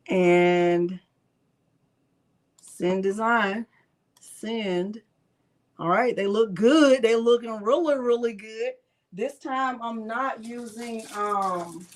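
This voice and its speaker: A woman hosting a casual live crafting tutorial, chatting as she narrates each click and answers viewers in the chat, sometimes muttering to herself. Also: medium pitch. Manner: talks to herself under her breath at times. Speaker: craft channel host.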